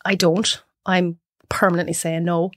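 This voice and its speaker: An Irish woman cook talking as a podcast guest, a chatty, animated storyteller who laughs often. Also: fairly low pitch, measured pace, no room sound, clean studio sound. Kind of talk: casual chat.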